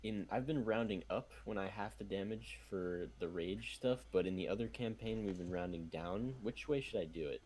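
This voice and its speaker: A man's voice: on the low side, normal speed, hardly any pauses, a little mellow. A man playing in a tabletop game, polite and careful, checking the rules with the game master. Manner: polite, asks rules questions. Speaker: player. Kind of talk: casual game chat.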